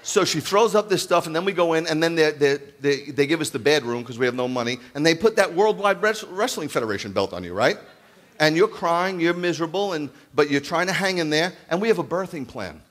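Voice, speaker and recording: A man in his fifties delivers a humorous sermon as a rabbi. His voice sits a little high for a man, and he jumps into the parts of the people in his stories with lively, joking energy. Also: a little fast. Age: 50s. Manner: animated, jokey, acts out quoted dialogue. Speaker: rabbi preaching.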